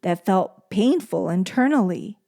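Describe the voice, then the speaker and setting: A woman podcast host with a medium-pitched voice sounds animated yet keeps a measured pace. She speaks softly and tenderly in a heartfelt solo monologue, repeating phrases for emphasis.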